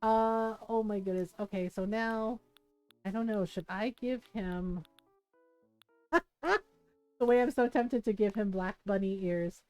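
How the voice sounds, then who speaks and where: A woman's voice: mid-range voice, fairly even intonation, a little slow, long pauses, mellow, clean tone, dry recording, soft background music, rough recording. A woman streaming a game, chatting casually, musing aloud and laughing often. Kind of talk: casual livestream chat.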